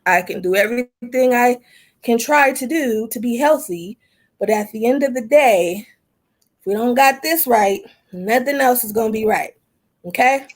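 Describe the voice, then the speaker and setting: A woman's voice: a little high, moderate pace. A woman in her thirties hosting a casual group video call, playful and teasing as she introduces herself. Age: 30s. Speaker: host and advocate.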